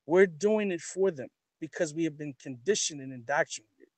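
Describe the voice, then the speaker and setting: A man with a fairly high voice speaks in impassioned commentary, piling up repeated phrases and rhetorical questions. The recording is dry and close, with no room sound. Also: normal speed, dry recording. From New York. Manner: emphatic, repetitive, building rhetorical questions. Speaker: guest. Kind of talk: impassioned talk-show commentary.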